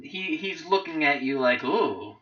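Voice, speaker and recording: A game master narrating a tabletop game with lots of halting restarts and fillers, on a dull lo-fi recording. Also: medium pitch, big pitch swings, sharp tone.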